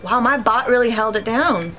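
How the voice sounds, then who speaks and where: A woman's voice: on the high side, expressive, moderate pace, sharp tone, faint music behind. Chatty reactive young woman gamer. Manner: chatty and reactive, talks to viewers, sudden yelps. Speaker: gaming YouTuber. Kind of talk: casual let's-play commentary.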